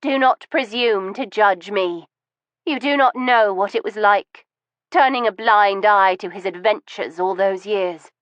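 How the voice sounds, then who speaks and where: A woman's voice: a little slow, clear, resonant tone, no room sound, muffled recording, lightly acted. A woman voicing a cold, bitter middle-aged wife who holds a gun, speaking icily with wounded resentment. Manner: icy and commanding, turning wounded and shrill. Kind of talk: audiobook reading.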